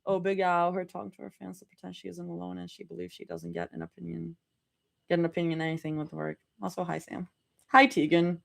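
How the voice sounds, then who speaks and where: A woman with a lowish, gravelly voice reads fanfiction aloud live, speaking fairly quickly and with animation. Giggly throughout, she often breaks off to laugh, react, and chat with her viewers.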